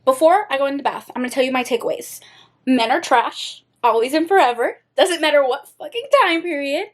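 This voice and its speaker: Young female book vlogger, high-pitched, expressive and dramatic, casual swearing. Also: brisk. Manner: animated, dramatic, swears freely. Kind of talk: casual reading vlog chat.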